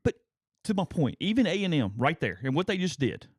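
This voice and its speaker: Animated male sports podcast co-host. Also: a little high, fairly quick, slightly rough, no room sound, clean studio sound. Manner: animated, mocking impressions in quotes. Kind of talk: casual sports talk.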